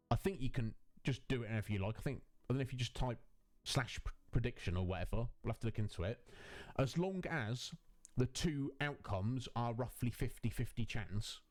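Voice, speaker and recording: A man's voice: mid-range voice, a little fast, a little mellow. A man hosting a casual live stream on a headset mic, answering his viewers' chat in a chatty, rambling way. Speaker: Twitch streamer and host.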